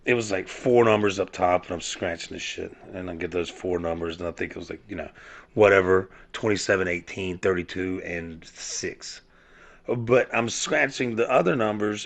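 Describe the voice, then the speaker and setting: A man's voice: fairly low pitch, a bit bright. A man from South Georgia, hosting a casual podcast monologue, rambling and swearing with many fillers and restarts. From South Georgia, USA. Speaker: podcast host.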